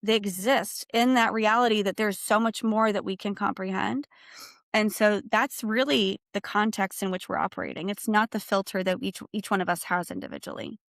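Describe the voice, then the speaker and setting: Earnest woman with a gravelly voice. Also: medium pitch, fairly even intonation, normal speed, a bit bright, no room sound, studio quality. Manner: earnest, reflective, long flowing sentences. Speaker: guest, bereaved parent. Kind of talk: conversational livestream discussion.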